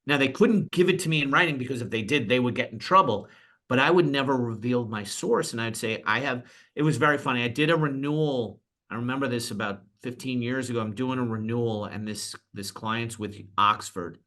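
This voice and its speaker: Bright-voiced New broker telling stories. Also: male voice, medium pitch. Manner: animated anecdotes, acts out quoted clients. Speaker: insurance broker, guest. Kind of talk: storytelling in a podcast interview.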